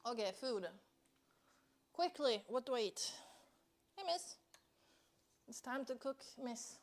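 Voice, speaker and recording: Woman streamer, high bright voice, unhurried, sweary chatter from home. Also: lively intonation. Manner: chatty, swears a lot, yells at bugs. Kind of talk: casual live-stream chat. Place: indoors at home.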